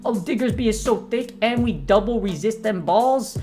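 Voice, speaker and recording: A woman's voice: a little high, expressive, fast, darkish tone, soft background music. Hyped woman commentating a game battle. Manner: hyped, slangy and joking. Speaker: gaming content creator. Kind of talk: gameplay commentary.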